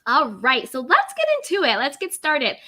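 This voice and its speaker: A young adult woman hosting a live stream recap, greeting viewers one by one with bubbly, drawn-out hellos and pop-culture slang. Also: high-pitched, wildly swooping pitch, pushed and bright. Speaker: YouTube recap host.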